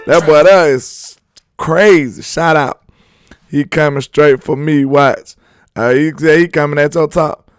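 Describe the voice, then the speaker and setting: A young man hosting a sports live stream, reading chat and loudly teasing viewers with laughter. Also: on the high side, fairly even intonation, a little slow, clean tone, no echo, soft background music. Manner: loud trash talk, laughing and teasing viewers. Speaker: sports channel host.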